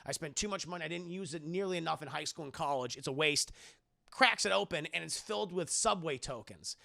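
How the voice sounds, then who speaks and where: Man, high voice, heavy vocal fry, casual stream review, profane, sarcastic. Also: brisk, sharp tone. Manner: sarcastic, profane, acts out quotes; addresses chat directly. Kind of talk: casual spoiler review recap.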